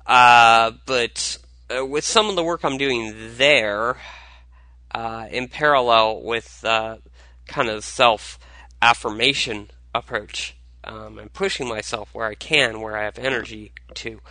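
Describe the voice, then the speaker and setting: A tired man talks through a casual solo podcast monologue, halting often and filling gaps with fillers and restarts. His voice is very bright and edged, with a middling pitch. It is recorded close and dry, with no room sound. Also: no room sound, low-quality recording. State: tired, low on energy. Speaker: podcast host.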